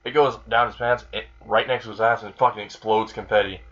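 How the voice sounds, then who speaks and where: A man's voice: fairly low pitch, steady tone, a little fast, fairly bright tone, highs cut off. A man casually retelling a comedic fan story, rambling and crude with lots of filler words.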